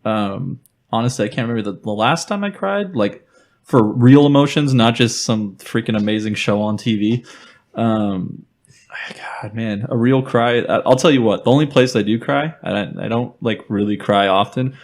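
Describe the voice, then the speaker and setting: A man's voice: medium pitch, moderate pace. A man co-hosting a podcast, telling a personal story candidly with rambling asides and fillers. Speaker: podcast co-host. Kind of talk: casual chat.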